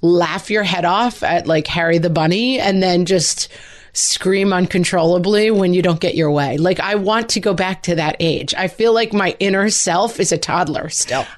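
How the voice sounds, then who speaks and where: A woman's voice: on the low side, moderate pace. A woman co-hosting a podcast in casual chat, chatty and often laughing as she acts out toddler voices. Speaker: podcast co-host.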